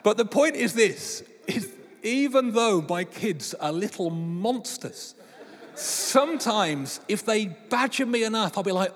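A man preaching a sermon, his fairly high voice swinging up and down with animated storytelling. He slips into playful voices for the people in his stories. The sound carries a long reverb from a large hall. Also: unhurried. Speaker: pastor.

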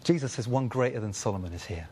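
A man with a slightly husky voice leads a Bible study group. He talks in a lively way and briefly acts out the voices of the people in the story. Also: on the low side, quick pace. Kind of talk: teaching a Bible study session.

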